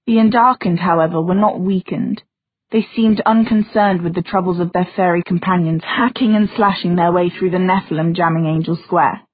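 A woman narrates a fantasy novel with steady, even pacing. Her voice is slightly husky and sits at a middle pitch. The sound is dry and narrow, like it came through a phone line. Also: no room sound. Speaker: audiobook narrator.

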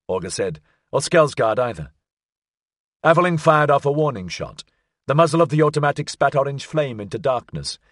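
A man reading a suspense story aloud, his voice slightly husky and his pitch moving in lively rises and falls. The recording is close and dry, and the pacing holds the tension steady. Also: no echo. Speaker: audiobook narrator. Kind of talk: scripted narration.

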